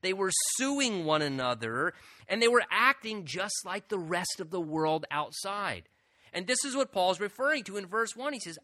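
A man's voice: sits high, lively intonation, moderate pace, bright, forceful tone, no room sound, studio quality. A man preaching a sermon as pastor, conversational and earnest with joking asides.

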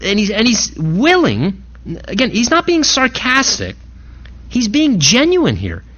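Male pastor, expressive pitch, teaching a sermon on a dull lo-fi recording. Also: a little slow. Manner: expository Bible teaching, dramatizing quoted lines.

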